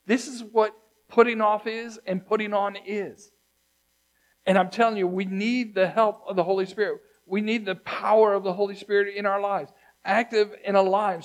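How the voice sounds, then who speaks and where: Male pastor with a high voice, conversational sermon, builds to loud emphasis then drops hushed. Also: fairly even intonation, moderate pace.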